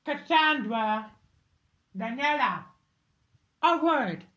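An imperious, vengeful vampire lady of noble blood, voiced by a woman in a fan impression, speaking in a slightly raised, bright and sharp voice. She drags her words out with great slowness and theatrical weight. Her pitch rises and falls widely between hissed whispers and shouted threats. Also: animated, heavily acted. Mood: commanding, enraged.

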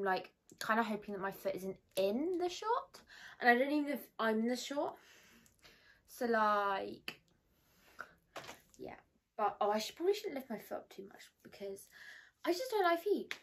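A woman's voice: on the high side, sharp tone. A young woman in her bedroom, chatting to her phone camera in a rambling, bubbly way. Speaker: vlogger. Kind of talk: casual chat to camera. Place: bedroom at home. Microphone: phone on a ring light.

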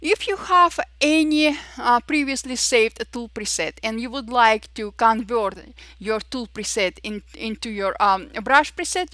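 A woman with a voice narrating a step-by-step software tutorial, pausing often with fillers. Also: fairly high pitch, dry recording. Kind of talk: screen-recorded software tutorial.

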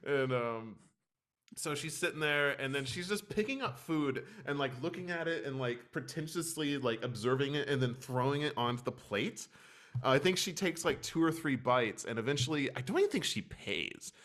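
A man hosting a podcast, telling a funny story in a casual, animated way. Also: medium pitch, moderate pace. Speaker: podcast host.

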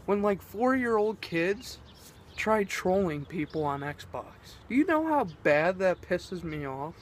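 A man's voice: high-pitched, very animated, unhurried, slight background noise. A teenage boy vlogging, rambling and exasperated as he rants, swearing often. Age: teens. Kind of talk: ranting vlog.

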